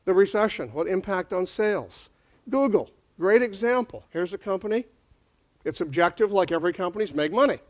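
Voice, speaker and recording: A man giving a conversational conference talk on leadership to a live audience, energetic and full of questions. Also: high voice, fairly quick. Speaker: speaker on leadership.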